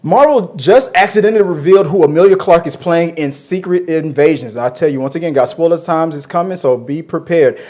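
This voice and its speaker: A man's voice: a little high, a little fast, few pauses, a little mellow. A man hosting a casual entertainment-news show with his wife, joking around and often restarting his sentences. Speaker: podcast host.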